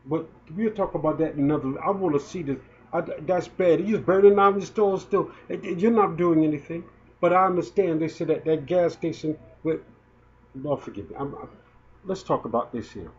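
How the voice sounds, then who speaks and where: A man's voice: fairly high pitch, moderate pace, a little mellow. A man in his fifties giving emotional spoken commentary, indignant and stumbling as he repeats his words. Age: 50s. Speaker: video blogger. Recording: dull lo-fi recording.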